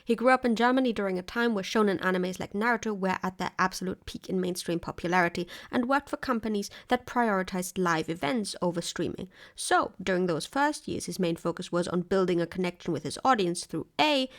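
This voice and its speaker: A woman reads a scripted video essay in a clear, analytical voice, with a wry edge now and then. Her delivery is plain and conversational. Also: medium pitch, a little fast, few pauses.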